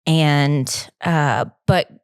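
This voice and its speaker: A woman's voice: low voice, fairly even intonation, very slow, clear, resonant tone, no echo, studio quality. A woman hosting a podcast alone, talking in a rambling, candid, self-deprecating way and fighting back emotion. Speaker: podcast co-host. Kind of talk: casual personal monologue.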